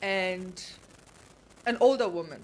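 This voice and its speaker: A woman with a Namibian English accent co-hosting a casual radio show, animated and laughing often as she mixes in Afrikaans. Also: on the low side, takes it slowly.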